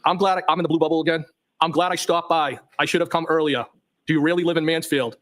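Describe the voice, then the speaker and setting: A man's voice: fairly high pitch, fairly even intonation, quick pace, fairly bright tone. Man reading texts on the witness stand. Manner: reads plainly, voicing punctuation marks. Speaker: trial witness. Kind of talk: reading text messages aloud on the stand. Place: courtroom.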